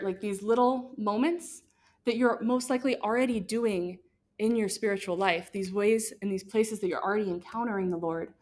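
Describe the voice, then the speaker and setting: A young woman giving a casual, earnest faith talk to students, talking freely with many fillers. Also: mid-range voice. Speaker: guest speaker.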